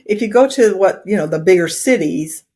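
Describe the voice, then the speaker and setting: A woman's voice: medium pitch, lively intonation, moderate pace, a little mellow, slightly rough. Middle-aged woman from Wyoming; chatty, rambling guest who laughs easily. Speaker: interview guest, instructional designer. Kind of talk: casual storytelling in conversation.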